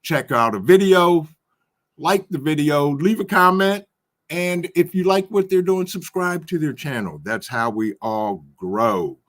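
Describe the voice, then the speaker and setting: A man's voice: a little high, a little slow, fairly bright tone. A man hosting a casual livestream, reading viewer comments aloud and greeting each one by name with a chuckle. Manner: chuckles often. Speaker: livestream host reading chat. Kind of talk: casual chat.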